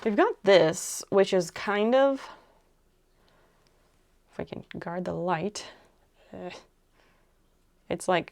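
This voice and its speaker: A young adult woman streaming while she crafts, chatting casually and rambling softly as she thinks aloud. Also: mid-range voice, vocal fry.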